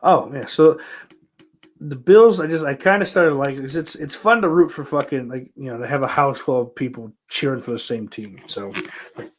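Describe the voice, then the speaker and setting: A man's voice: mid-range voice, moderate pace. A man from hosting a podcast, rambling in casual chat, with lots of swearing, fillers and restarts. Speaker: podcast host. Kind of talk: casual chat answering viewer questions.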